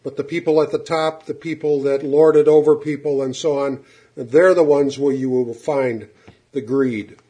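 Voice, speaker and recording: A man's voice: mid-range voice, steady tone, warm tone. Earnest man preaching a sermon. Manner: earnest, emphatic, slows down to stress words.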